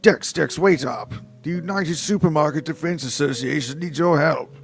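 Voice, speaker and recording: A man's voice: a little high, moderate pace, creaky, soft background music, pitched above the performer's own voice. A man voicing a panicky, fussy male mascot who pleads frantically in a storybook reading. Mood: pleading.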